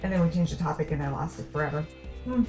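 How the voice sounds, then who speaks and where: A young adult woman chatting casually to camera, rambling and self-deprecating with quick asides. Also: deep voice, lively intonation, darkish tone, soft background music. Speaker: vlogger. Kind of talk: casual talking-to-camera chat.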